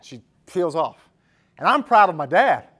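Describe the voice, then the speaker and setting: A man with a high-pitched voice preaching to his church in an earnest, emphatic manner. He shifts easily into conversational storytelling. His delivery stays direct and persuasive. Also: big pitch swings, measured pace, fairly bright tone. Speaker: pastor. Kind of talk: sermon.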